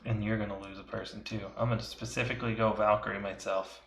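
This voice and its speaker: A man's voice: lowish voice, flat delivery, fast, vocal fry. A man chatting casually while playing a board game, playful and humming little beep-boop noises. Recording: echoey room with faint noise.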